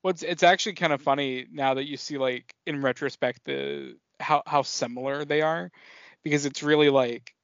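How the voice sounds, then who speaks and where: Excitable man with a dull, dry podcast sound. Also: fairly high pitch, moderate pace, creaky, no echo. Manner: excitable, swears often, trails off and restarts. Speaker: podcast co-host. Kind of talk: casual film podcast chat.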